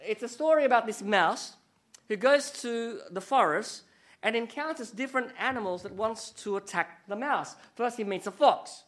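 A middle-aged man preaching a sermon as pastor, animated and storytelling, with joking asides. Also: very high voice, normal speed.

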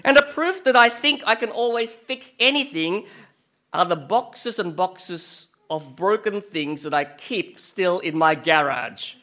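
A male preacher with a high voice gives a chatty sermon. His tone is bright and a little tense, and he keeps turning to the listeners with rhetorical questions and self-mocking asides. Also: animated, a little slow. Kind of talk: conversational sermon.

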